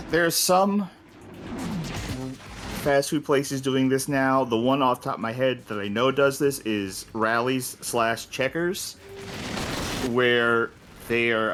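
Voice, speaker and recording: A man's voice: medium pitch, takes it slowly, music in the background. A man co-hosting a game stream, ranting casually and mimicking a drive-thru voice. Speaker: co-host. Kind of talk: casual gaming chat.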